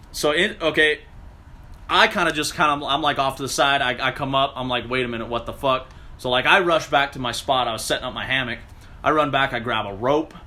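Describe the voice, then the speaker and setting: A man telling a story in a casual, animated way, swearing often and acting out what people said. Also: mid-range voice, a little hiss or hum. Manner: animated, profane, acts out quotes.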